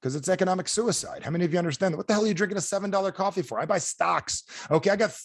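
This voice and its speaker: A man giving an energetic sales training talk over a video call, firing questions at his audience. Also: high-pitched, rapid-fire, creaky, no echo, clean studio sound. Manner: animated, asks the audience repeated questions. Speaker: motivational speaker.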